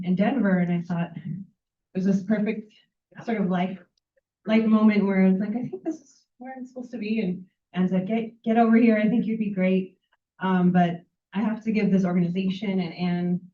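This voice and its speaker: A woman in her thirties, close to tears, gives a halting impromptu farewell speech at an event. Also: mid-range voice. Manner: halting, full of fillers and restarts. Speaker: nonprofit fundraising staff member. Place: event room with audience. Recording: echoey, distant, tinny phone-like sound.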